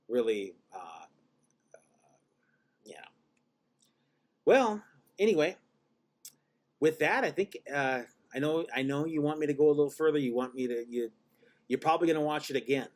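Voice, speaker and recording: A man hosting a vlog, telling a rambling story with many restarts and deadpan self-mocking humor. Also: medium pitch. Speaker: channel host.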